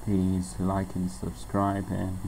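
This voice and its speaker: A man closing his video in a slow, relaxed, trailing way as the channel owner. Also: deep voice, gravelly, slight background noise, poor audio. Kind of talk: casual video sign-off.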